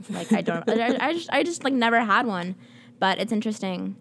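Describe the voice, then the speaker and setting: A woman's voice: medium pitch, fast talker, creaky, fairly bright tone, slight background noise. A young woman from Georgia in the US, hosting a casual radio chat, talking in a chatty way with lots of "like" and frequent laughter. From Georgia, USA. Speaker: radio host.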